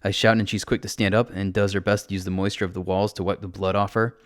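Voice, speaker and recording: A man reading a first-person fantasy story aloud in a steady, plain storytelling manner on a close mic. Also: low voice, quick pace, no room sound. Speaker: narrator.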